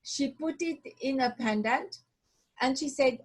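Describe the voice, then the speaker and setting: A woman from Switzerland tells a personal story as an interview guest, speaking slowly and with many restarts as she hunts for the right word. Her voice is husky and sits a little high. It comes through a video call. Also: low-quality recording. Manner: halting, searching for words, restarts often. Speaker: watch designer, guest.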